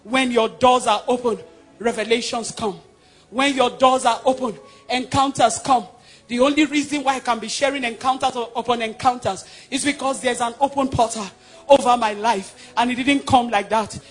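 A man from Nigeria with a Nigerian accent preaching a sermon, emphatic and swinging between loud declarations and hushed passages. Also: very high-pitched, fairly even intonation, normal speed, husky, soft background music.

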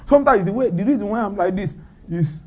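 A man's voice: sits high, a little mellow. A man preaching a sermon, firing off rhetorical questions and breaking into laughter.

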